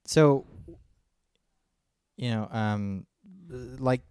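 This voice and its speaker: Young man, podcast co-host, casual rambling story, dry recording, mid-pitched. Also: very slow, clear, resonant tone, dry recording. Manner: rambling, animated retelling with acted-out quotes.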